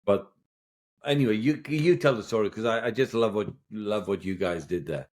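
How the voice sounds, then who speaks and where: Low-voiced encouraging male host. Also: normal speed. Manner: enthusiastic, encouraging. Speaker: interview host. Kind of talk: casual interview.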